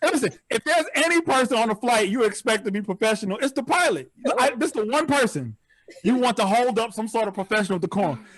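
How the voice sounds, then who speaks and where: Doing a virtual stand-up set on a video call, a man tells stories full of animated, incredulous outbursts in a very high voice. He talks fast, and the recording is dry.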